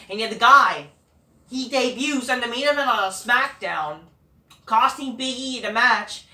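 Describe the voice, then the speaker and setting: A man's voice: high-pitched, expressive, measured pace, sharp tone, distant mic. A man ranting profanely and dismissively in opinion commentary on a vlog. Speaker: wrestling commentary vlogger. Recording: echoey room, voice off-mic.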